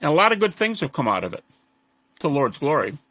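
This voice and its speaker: In this dry, audio-only interview recording, a resurrection scholar speaks at a fairly high pitch and a fast clip. He tells animated stories conversationally, imitating the students he quotes.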